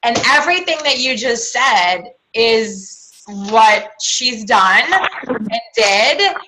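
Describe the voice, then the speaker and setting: A woman's voice: fairly high pitch, lively intonation, slow pace, sharp tone, a little hiss or hum, poor audio. A middle-aged woman hosting a team call, chatty and emotional, rambling through a story. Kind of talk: casual team call chat.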